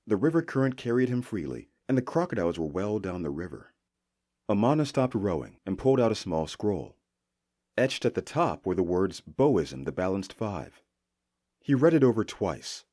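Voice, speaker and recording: A man narrating a fantasy audiobook with expressive storytelling. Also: fairly low pitch, normal speed.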